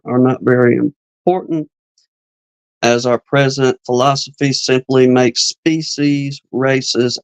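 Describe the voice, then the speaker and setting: A man's voice: mid-range voice, dry recording, rough recording. A man hosting a live chat, reading an old beekeeping text aloud, tripping over words and adding casual asides. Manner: reads slowly, stumbles on words and adds asides.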